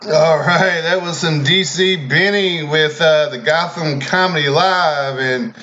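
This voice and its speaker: A man's voice: on the high side, slow pace, highs cut off, noisy background. A man hosting a radio show, casually introducing the next comedy track. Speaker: radio host.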